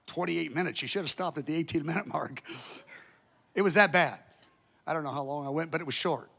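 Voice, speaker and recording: A man preaching as a pastor, telling a story in an animated way, jumping from loud outbursts to hushed asides and acting out the people in it. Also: fairly high pitch. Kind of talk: sermon storytelling.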